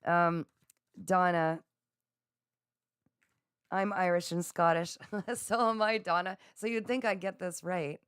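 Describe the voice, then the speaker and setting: Woman psychic host, low-ish voice, gentle and affirming, dry close sound. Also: fairly even intonation, clear, resonant tone, no room sound. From Canada. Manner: gentle, affirming, slow and soothing. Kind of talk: live spiritual chat reading viewer comments.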